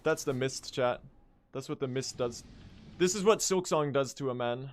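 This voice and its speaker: A man's voice: medium pitch, moderate pace, slight background noise. A young man speedrunning on a live stream, casually commentating, swearing and addressing his chat.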